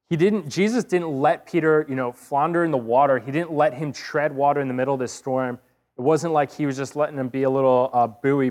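A man preaching a sermon, retelling a story vividly and earnestly with rhetorical questions. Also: mid-range voice.

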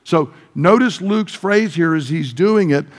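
A man's voice: a little high, unhurried. A man teaching a sermon who explains the text step by step and briefly acts out the quoted dialogue. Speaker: pastor. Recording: long hall reverb.

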